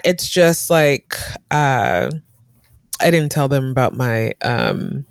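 A woman's voice: a bass voice, slow pace, clear, resonant tone, no room sound, clean studio sound. A woman in her thirties chatting casually over a video call, rambling with many fillers and frequent laughs. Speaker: guest in a conversation. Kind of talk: casual chat.

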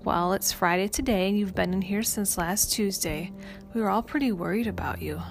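A woman voicing a kind female doctor who speaks softly and soothingly, calling her patient dear and honey, in a story read over music. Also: medium pitch, normal speed, lightly acted. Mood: gently reassuring. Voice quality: soft, gentle. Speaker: hospital doctor. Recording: music playing underneath.

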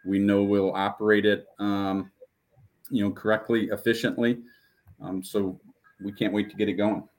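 A man's voice: on the low side, little pitch movement, moderate pace, darkish tone. A company leader answering interview questions, a man who stammers and restarts his sentences.

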